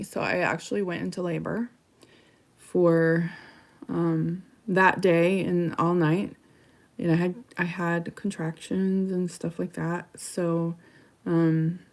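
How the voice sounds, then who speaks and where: Soft-spoken woman in her forties, halting. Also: lowish voice. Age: 40s. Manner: halting and soft, often dropping to a near whisper. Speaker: vlogger. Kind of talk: personal storytelling.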